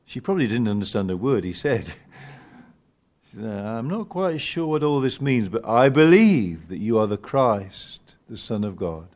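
An older man preaching a sermon, swinging from loud emphatic lines to quiet asides. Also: lowish voice, moderate pace. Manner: animated preaching, rising loud on key words, dropping to quiet asides.

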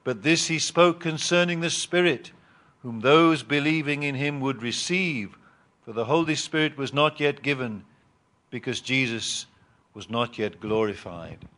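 A man preaching a Bible teaching sermon, reading scripture and explaining it with emphatic rises and pauses. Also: medium pitch, fairly bright tone. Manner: reads scripture aloud and repeats words.

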